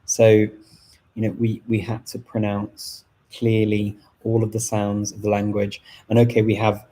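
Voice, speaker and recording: Husky, flat-voiced northern English man. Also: on the low side, a little slow, low-quality recording. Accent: northern English, softened Liverpool. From Liverpool, England. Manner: thoughtful, many restarts and fillers. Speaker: language channel host. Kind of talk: casual live talk to viewers.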